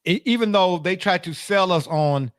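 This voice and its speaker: A man's voice: sits high, expressive, moderate pace. A man co-hosting a casual sports talk show, bantering and teasing his partner. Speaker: podcast co-host.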